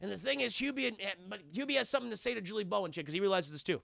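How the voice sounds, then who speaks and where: A man reviewing a film on a livestream, excitedly recapping the plot and constantly addressing his chat, swearing along the way. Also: sits high, racing, creaky, no echo.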